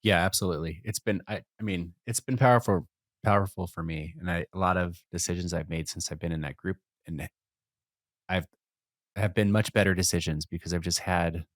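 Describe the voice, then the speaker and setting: A man talking as a podcast guest in a relaxed, reflective, rambling way with frequent restarts. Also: sits low, fairly quick, dry recording. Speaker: podcast guest, musician and entrepreneur. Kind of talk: casual conversation.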